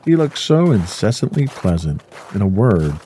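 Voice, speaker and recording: A man narrating a classic story with measured, expressive delivery. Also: fairly low pitch, slight background noise.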